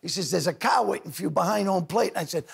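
An older man, a talk show guest telling loud rapid anecdotes and acting out other people's lines. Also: sits high, gravelly, breathy edge. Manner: loud rapid storyteller, doing voices of others. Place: TV studio with audience.

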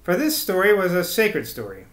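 Male audiobook reader, measured and literary, slightly high voice; echoey recording. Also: huge pitch swings. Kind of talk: audiobook narration. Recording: echoey room.

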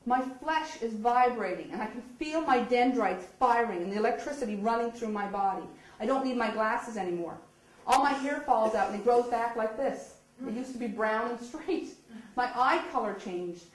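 A woman gives an animated storytelling speech, laughing often and slipping into the voices of the people she describes. Her voice sits a little high. It reaches the mic from a distance, with the echo of a hall around it. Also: moderate pace. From eastern Canada. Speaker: speaker telling her story.

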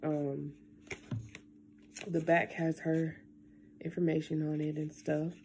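A young woman talking casually into her camera at home, rambling and tearful, with lots of halting fillers. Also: deep voice, flat delivery, warm tone, a little hiss or hum. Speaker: vlogger. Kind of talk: casual vlog, emotional talk then unboxing.

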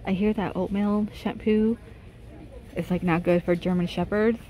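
A woman's voice: mid-range voice, steady tone, moderate pace, warm tone. A woman vlogging a casual shopping walkthrough in a big store, chatting about prices and gushing over cute items as she films on her phone. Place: inside a large retail store.

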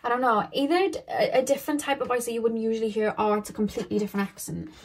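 A woman's voice: on the high side, racing. A woman giving a casual pick-a-card tarot reading to her viewers, rambling and thinking aloud with lots of filler words.

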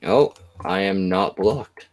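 A man's voice: sits low, slow pace, darkish tone, dry recording. A man hosting a crude, joking online voice chat, with a lot of hesitant restarts.

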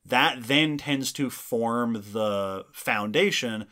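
Bright-voiced male podcast co-host. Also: medium pitch, normal speed. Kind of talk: casual science podcast chat.

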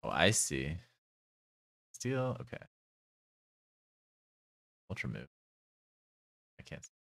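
Deep-voiced, casual male game streamer. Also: very animated, slow pace, vocal fry, a bit bright, dry recording, studio quality. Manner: casual, swears freely, wry. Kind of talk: casual gameplay commentary.

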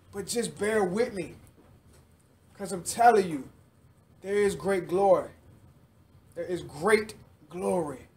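A man's voice: sits high, recorded from a distance, a little hiss or hum. A man teaching the Bible to a live group in a fervent sermon, repeating lines and drawing the listeners into call-and-response.

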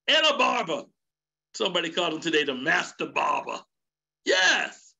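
High, bright-voiced fervent preaching man. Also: very animated, moderate pace, vocal fry. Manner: fervent, preaching cadence with rising shouts. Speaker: elder teaching a men's session. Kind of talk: sermon.

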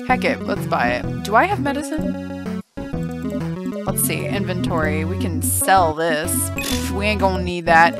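A woman hosting a casual let's play, chatty, laughing often and thinking aloud. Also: mid-range voice. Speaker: gaming channel host. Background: game music.

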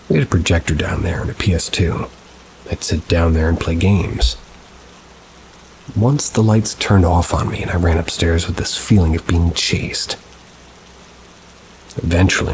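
A man reading true paranormal stories aloud in a measured, somber storytelling manner with dry asides. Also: low voice, a little hiss or hum, rough recording. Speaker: story narrator. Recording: steady rain sounds behind the voice. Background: rain ambience.

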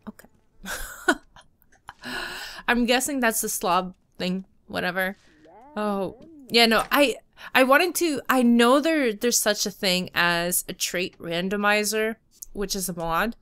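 A woman's voice: medium pitch, slow, long pauses, a bit bright, smooth. A young woman giving casual gameplay commentary, chatty, talking to and scolding the game characters as she plays. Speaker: let's play host.

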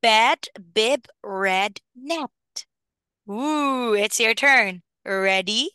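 A woman teaching a young child phonics in an online lesson, encouraging and clearly enunciated. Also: on the high side, extremely slow, sharp tone, dry recording, clean studio sound. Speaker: English teacher.

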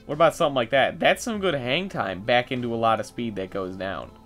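Excitable man thinking aloud over gameplay. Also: medium pitch, brisk, faint music behind. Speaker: gameplay video host. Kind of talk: casual gameplay commentary.

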